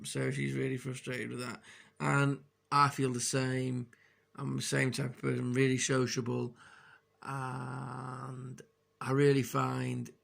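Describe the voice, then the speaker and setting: A man's voice: mid-range voice, creaky, a bit bright. A man talking frankly in a personal video diary, hesitant and full of restarts as he opens up about struggling. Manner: hesitant, many restarts and fillers. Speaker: vlogger.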